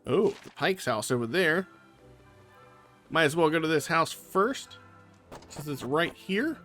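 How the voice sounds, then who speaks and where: Chatty gamer thinking aloud. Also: male voice, a little high, expressive, a little slow, bright, forceful tone. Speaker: let's play host. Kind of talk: casual gameplay commentary. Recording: faint game music behind.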